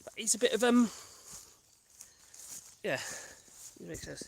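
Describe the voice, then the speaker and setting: A woman's voice: mid-range voice, expressive, measured pace, vocal fry, a little hiss or hum. Breathless, chatty woman. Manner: rambling, chatty, laughs often. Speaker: vlogger. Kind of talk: casual chat while walking. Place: outdoors on a country path.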